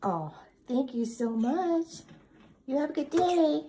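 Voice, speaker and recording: A woman's voice: high voice, animated, slow, mellow. A woman using coaxing baby talk to her pet bird, in a noisy home phone video. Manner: sweet, coaxing, sing-song. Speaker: pet owner.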